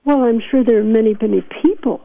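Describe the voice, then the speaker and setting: A woman's voice: a little high, fast talker, creaky, crowd noise. An older woman physician with a New York accent, telling stories earnestly in an interview and laughing often. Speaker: physician guest. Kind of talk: reflective interview talk. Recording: dry tinny phone line.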